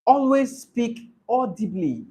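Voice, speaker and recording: A man teaching an exam speaking class, repeating each rule slowly so students can take notes. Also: very high-pitched, big pitch swings, warm tone, breathy edge. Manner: repeats key rules slowly for note-taking. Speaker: IELTS trainer. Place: training session room.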